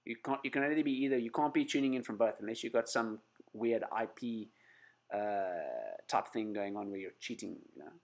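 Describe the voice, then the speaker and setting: A man's voice: lowish voice, brisk. A man with a cold hosting a casual livestream, chatting with viewers, greeting them by name and apologizing often over camera trouble. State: has a cold. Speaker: channel host on a livestream.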